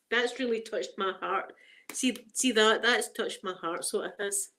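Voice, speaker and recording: A woman's voice: mid-range voice, a little slow, sharp tone. A woman with a Scottish accent, hosting a casual unboxing chat. She is chatty and emotional and stumbles when reading aloud. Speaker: ASMR channel host.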